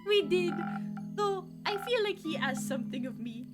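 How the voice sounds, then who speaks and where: A vain, flamboyant male vampire, read by a woman with a very high voice. He speaks airily and theatrically, with a lively, swooping pitch. Game music plays in the background. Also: normal speed. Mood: airy. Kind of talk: reading video game dialogue aloud.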